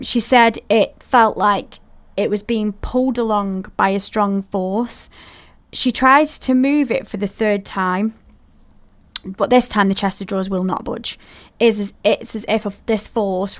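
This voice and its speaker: A woman's voice: mid-range voice, fairly even intonation, moderate pace. A woman hosting a podcast, telling a paranormal story in a chatty way and talking straight to her listeners with asides. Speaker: podcast host.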